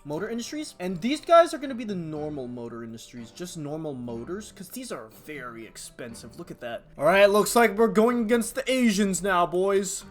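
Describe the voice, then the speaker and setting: An excitable young man narrating a strategy game, his pitch jumping all over as he hypes up his audience. He laughs often, and faint music plays behind him. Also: moderate pace, few pauses. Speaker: gaming YouTuber.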